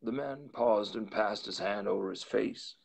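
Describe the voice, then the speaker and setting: A man narrating a classic tale aloud in an expressive live reading. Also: on the low side, unhurried, creaky, husky, rough recording. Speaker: storyteller.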